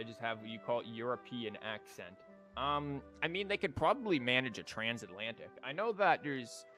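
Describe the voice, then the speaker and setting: A man's voice: mid-range voice, fairly bright tone. Sarcastic man streaming a game. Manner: sarcastic, joking asides. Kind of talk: casual gameplay commentary.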